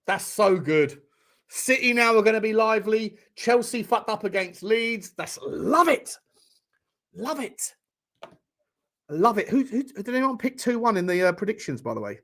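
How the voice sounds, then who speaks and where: Excitable, sweary high-voiced man. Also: normal speed. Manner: excitable, sweary, laughing, reacting to chat. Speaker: host of a football watchalong stream. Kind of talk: live-stream reaction chat.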